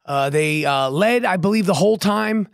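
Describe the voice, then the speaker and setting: A man hosting his own podcast, his voice hoarse and not at full strength, talking in a brash, profane, rapid-fire way and repeating catchphrases. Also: high voice, lively intonation, no echo, clean studio sound. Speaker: podcast host. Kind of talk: hyped solo podcast monologue.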